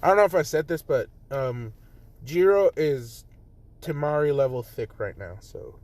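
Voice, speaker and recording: A man's voice: a little high, animated, normal speed, a little mellow. A young man casually telling a fan story, rambling with lots of fillers and the odd swear. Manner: rambling, filler-heavy, profane.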